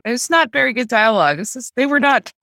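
A woman's voice: on the high side, animated, a little fast, pushed and bright, dry recording, studio quality. A woman co-hosting a casual podcast, reviewing a bad movie in a wry, amused way. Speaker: podcast co-host.

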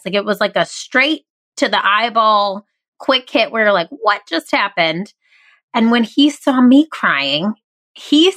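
A woman's voice: fairly high pitch, fairly bright tone. A woman in her thirties hosting a podcast, talking candidly and earnestly with self-deprecating humor. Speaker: podcast host. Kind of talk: motivational podcast monologue.

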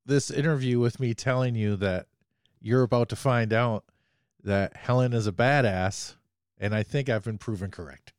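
A man's voice: mid-range voice, moderate pace, clear, resonant tone, no echo, studio quality. A man hosting a podcast, chatting in a playful, mock-dramatic way. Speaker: podcast host. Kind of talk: casual chat.

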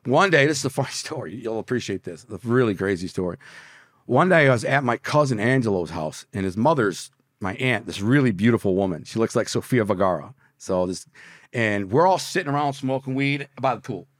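A man from Detroit, a podcast guest telling a story in an animated, profane way, acting out voices and sound effects. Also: medium pitch, fairly quick, no echo, studio quality. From Detroit, USA.

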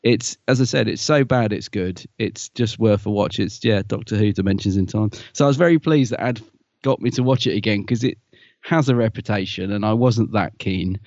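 A man's voice: lowish voice, a little fast, a little mellow, no room sound, highs cut off. A man co-hosting a podcast, chatting casually and often laughing as he tells anecdotes. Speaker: podcast co-host. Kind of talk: casual chat.

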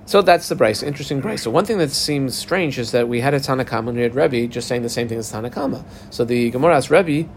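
A man teaching a Talmud class in a casual, animated way, acting out the voices of the people in the case. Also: mid-range voice, vocal fry, slight background noise. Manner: animated, acts out the parties in a dialogue.

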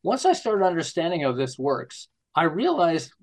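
A man in his sixties from Montreal, an author answering interview questions with lively stories and acted-out voices. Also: a little high, normal speed. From Canada, Montreal. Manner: animated storyteller acting out quoted voices. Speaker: guest author.

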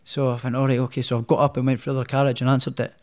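A young man chats through his boxing career, his stories rambling with a lot of restarts. His voice sits at a middle pitch for a man, loose and unscripted. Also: very fast. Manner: rambling, animated storyteller with many restarts. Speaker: professional boxer, guest. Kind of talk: casual storytelling interview.

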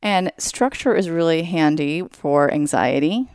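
A woman being interviewed as a school psychologist, talking casually and brightly, explaining ideas through everyday examples, with many "like"s and "you know"s. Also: deep voice, lively intonation, unhurried, clear, resonant tone, no room sound, clean studio sound.

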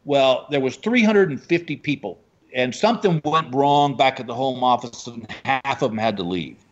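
A man from Texas, a stand-up comedian telling animated stories about his gigs in a casual chat. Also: mid-range voice, moderate pace, muffled recording. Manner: animated storyteller, acts out quoted voices.

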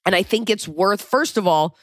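A woman's voice: mid-range voice, expressive, normal speed, dry recording, clean studio sound. A woman hosting an advice podcast, talking bluntly and swearing freely as she fires off questions in casual chat. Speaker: podcast host giving advice.

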